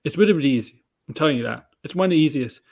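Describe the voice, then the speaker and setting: A man chatting casually as a co-host, his slightly high voice swinging up and down as he rambles. He restarts his sentences often and laughs between thoughts. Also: lively intonation, rapid-fire, gravelly. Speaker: podcast co-host. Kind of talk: casual chat.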